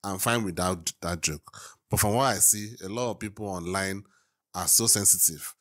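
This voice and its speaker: A man from Africa hosting a casual reaction video, musing and thinking aloud with pauses. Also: low voice, a bit bright.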